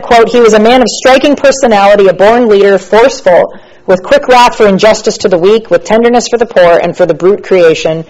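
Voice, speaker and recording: An American woman teaching church history in a casual lecture, chatty and relaxed with frequent fillers and asides. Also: mid-range voice, rough recording.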